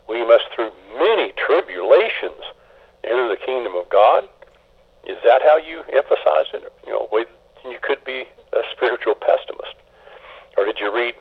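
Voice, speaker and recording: A man preaching a sermon, reading scripture aloud in a halting way with many restarts. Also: medium pitch, vocal fry, slightly rough. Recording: tinny phone-line sound.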